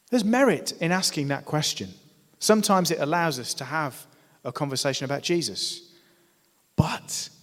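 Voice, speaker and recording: A man preaching a sermon, emphatic, swelling to loud declarations and asking his listeners rhetorical questions. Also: a little high. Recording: long hall reverb.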